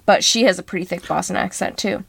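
A woman co-hosting a film podcast, summing up plots and joking about accents in an expressive, playful way. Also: medium pitch, fast, creaky, husky, dry recording. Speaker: podcast co-host. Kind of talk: casual film review chat.

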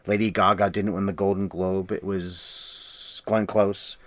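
A man co-hosting a podcast, talking through a horror film in casual chat with quick, jokey asides. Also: low-pitched, little pitch movement, a bit bright, no room sound. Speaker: podcast co-host.

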